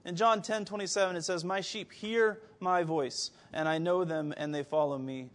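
A man delivers a sermon in a voice pitched higher than most men's. He keeps turning to his listeners with pointed rhetorical questions and sometimes stumbles and restarts his words. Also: normal speed, few pauses. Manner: animated, rhetorical questions to the congregation; occasional stammered restarts. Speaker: preacher.

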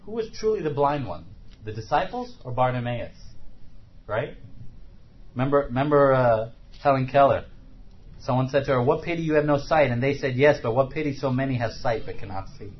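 A man's voice: mid-range voice, a little fast. Man preaching, dull lo-fi recording. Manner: conversational preaching with frequent rhetorical questions. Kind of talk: sermon.

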